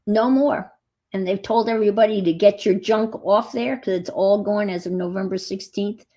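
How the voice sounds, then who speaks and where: A woman's voice: medium pitch, moderate pace, dark tone. A woman hosting a casual live chat while crafting, rambling as she goes and greeting viewers by name. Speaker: craft livestream host.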